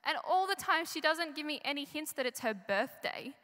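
A woman's voice: sits high, expressive, normal speed, a bit bright. A young woman giving a chatty children's talk in a church service, asking the audience questions. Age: young adult. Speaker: children's story presenter. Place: large church hall. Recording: live church recording with long reverb.

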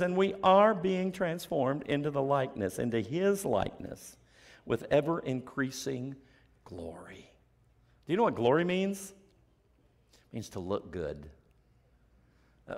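A pastor preaching with a voice that swings widely in pitch, set a little higher than most men. He throws out rhetorical questions and then sinks to a hushed near-whisper to drive a point home. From United States. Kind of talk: sermon.

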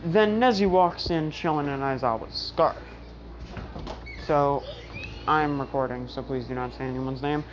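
A woman with a low voice tells a fan story at home, rambling casually and restarting often. The recording is dull and lo-fi, and a faint noise sits underneath. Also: measured pace. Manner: rambling, with many fillers and restarts.

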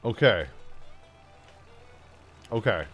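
A man's voice: fairly low pitch, lively intonation, very slow, a bit bright, faint music behind. Chatty man commenting on his game. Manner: chatty, talks to himself and the game, jokey asides. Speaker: gameplay commentator.

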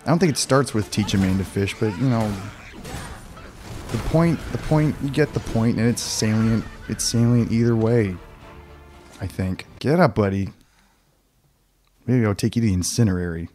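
A man's voice: on the low side, normal speed, long pauses, a little mellow. Sarcastic, swearing man ranting at a game. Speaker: gaming video host. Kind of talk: comedic gameplay commentary.

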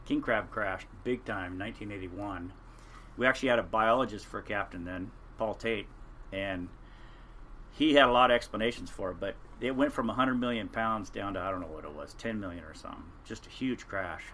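An older man who spent his life fishing recounts his years at sea in a rambling, earnest way, often restarting his sentences. His voice is bright and forceful, with a faint hiss of background noise behind him. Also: lowish voice, brisk. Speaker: podcast guest, retired fishing captain. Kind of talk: casual storytelling interview.

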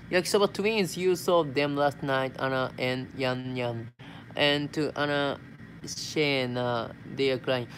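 Slow-talking Japanese-accented young man. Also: on the high side, a little hiss or hum. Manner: reads messages aloud, replies in simple English with Tagalog words. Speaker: vlogger. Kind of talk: casual live stream, reading viewer comments.

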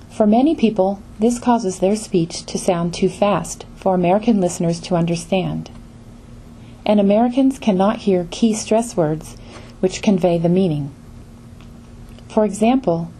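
A woman with a lowish, warm voice reads a scripted pronunciation lesson. She speaks in measured phrases with clear pauses between them. A faint hiss sits under the recording. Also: poor audio. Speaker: English pronunciation teacher. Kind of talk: scripted instructional narration.

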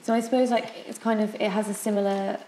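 A woman's voice: mid-range voice, little pitch movement, fast, reverberant, crowd noise, poor audio. A young woman student answering interview questions tentatively, with many fillers. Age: young adult.

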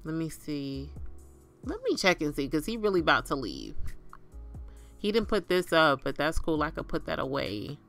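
A woman with a fairly low voice chats her way through a life-sim game. She talks to her characters like family members. Soft game music plays faintly beneath her. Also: sing-song, moderate pace, creaky. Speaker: gaming channel host. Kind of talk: casual life-sim gameplay commentary.

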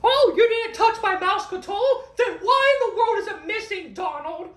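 A woman's voice: very high voice, expressive, moderate pace, roomy sound. A woman voicing a cranky, hot-tempered male cartoon mouse who scolds and demands in a fan-made skit. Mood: bossy. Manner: scolding, demanding, yells when angry.

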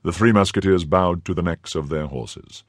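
A man narrating an audiobook in a measured, expressive storytelling delivery. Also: sits low, no echo, clean studio sound. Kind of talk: scripted narration.

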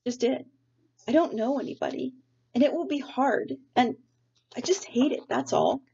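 A woman's voice: high-pitched, animated, normal speed, creaky, dark tone, breathy edge, highs cut off, pitched above the performer's own voice, full character voice. A woman voicing a sulky, anxious woman who whines like a reluctant child, read aloud from a storybook. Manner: whiny, reluctant.

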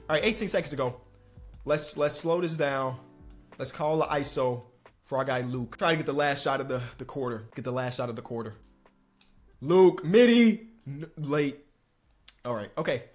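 A young man giving excitable live commentary while playing a basketball video game, swinging between hyped shouts and quiet muttering. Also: fairly high pitch. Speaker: gaming streamer.

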